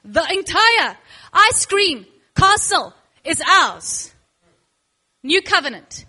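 A woman's voice: very high-pitched, takes it slowly. A woman teaching worship to a class, playful and emphatic, acting out little scenes with her students. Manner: emphatic, bursts of excitement.

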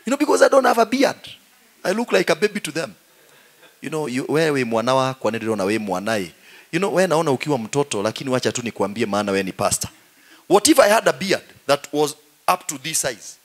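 A middle-aged man with a Kenyan accent, a pastor preaching in a joking, animated way and saying "you know" often. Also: mid-range voice, quick pace. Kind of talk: humorous sermon.

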